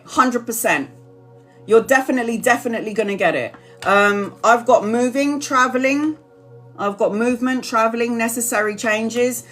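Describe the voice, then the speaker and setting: A woman's voice: mid-range voice, fairly bright tone. A woman giving tarot readings on a live stream, talking earnestly and apologizing often, repeating herself as she reassures viewers. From Brazil. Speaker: tarot reader.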